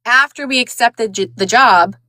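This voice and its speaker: A woman's voice: on the high side, normal speed, bright, forceful tone, no room sound. Chatty New York woman, dry sound. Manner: chatty, frank, heavy with "like" and "um". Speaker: guest audiobook narrator. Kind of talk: casual chat.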